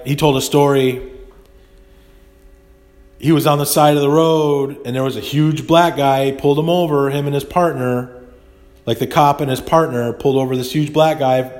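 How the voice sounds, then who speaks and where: A man's voice: mid-range voice, a little mellow. A man hosting a podcast, talking in a rambling, indignant monologue full of restarts. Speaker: podcast host. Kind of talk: casual monologue.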